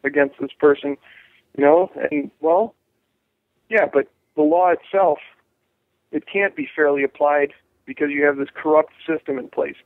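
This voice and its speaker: Over a tinny phone line, a jury rights activist with a fairly high voice is interviewed, speaking at a normal speed with no echo. He talks animatedly, restarting phrases often and acting out other people's voices.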